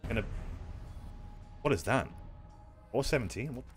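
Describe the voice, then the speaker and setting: A young man giving live, excitable commentary while playing a shooter game, swearing and laughing often. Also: medium pitch, measured pace, over music. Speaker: streamer.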